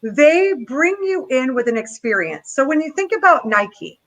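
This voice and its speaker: Bright, lively woman coaching on a call. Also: high-pitched, moderate pace, low-quality recording. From not American. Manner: animated and playful, slipping into quoted movie voices. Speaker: guest trainer. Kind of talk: energetic coaching talk.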